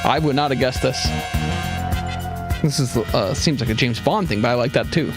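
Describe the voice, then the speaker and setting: A man's voice: mid-range voice, moderate pace. A man hosting a comedic call-in show, rambling through silly stories. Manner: rambling, playful storytelling. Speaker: host. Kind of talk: comedic talk show riffing. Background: music.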